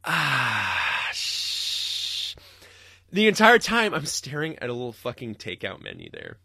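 A man's voice: medium pitch, huge pitch swings, brisk, gravelly, pushed and bright, dry recording, clean studio sound. A young man hosting a podcast, ranting and rambling solo with lots of swearing and laughter. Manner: rambling, profane, laughing ranter. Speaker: podcast host.

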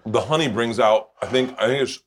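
A man's voice: mid-range voice, brisk, background noise. A man hosting a casual cooking chat at home, joking and swearing freely. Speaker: host. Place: home kitchen.

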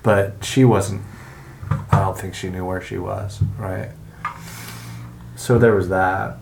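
A middle-aged man hosting a podcast, speaking in a reflective, halting way with soft pauses. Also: low-pitched, fairly even intonation, vocal fry, background noise. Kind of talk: casual podcast chat.

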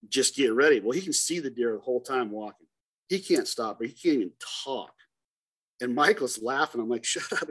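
Middle-aged man telling an animated story. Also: mid-range voice. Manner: animated, acts out dialogue in the story. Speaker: hunting guide. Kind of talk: casual storytelling interview.

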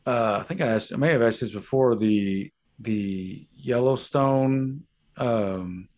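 A man with an average-pitched voice chats casually as a podcast co-host. He sounds laid-back, mostly reacting and dropping in quick jokes. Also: a little mellow. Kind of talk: casual chat.

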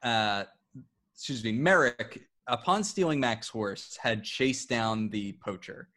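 A man's voice: mid-range voice, slow pace, pushed and bright. A man co-hosting a podcast, chatting casually and wryly about a TV episode, acting out characters' lines. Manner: wry, acts out characters' lines. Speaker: podcast co-host. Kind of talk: casual chat recapping a TV episode.

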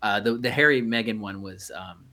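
A man's voice: on the low side, normal speed, bright, forceful tone. Rambling man co-hosting a podcast. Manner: rambling, many fillers and restarts. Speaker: podcast co-host. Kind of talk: casual chat.

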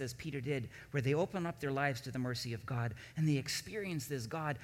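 A man preaching a sermon as pastor, building from quiet reflection to emphatic, rising peaks. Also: on the high side, long reverb tail.

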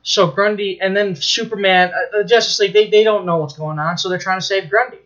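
A man co-hosting a podcast, excitedly retelling a plot in casual chat, swearing freely and restarting his sentences. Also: sits high, brisk, lo-fi sound.

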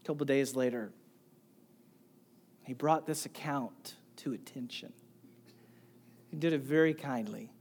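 A middle-aged man, a pastor, preaching a sermon with animated storytelling that swings from quiet to loud. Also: medium pitch, a little slow, long pauses, a little hiss or hum.

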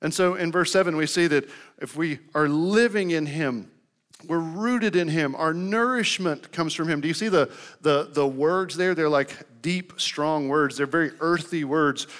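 A man's voice: a little high, measured pace, fairly bright tone. A young man preaching a sermon in a loose, conversational way, often saying "like". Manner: conversational, lots of "like" fillers. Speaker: pastor.

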